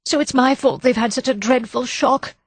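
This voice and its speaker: A woman narrator voicing a fretful young woman weighed down by guilt. The voice is slightly higher and husky, and it speaks softly. Dry, close recording. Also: normal speed, no echo. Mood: anxious. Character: distressed young woman, Muriel, anxious and guilty. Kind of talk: audiobook narration.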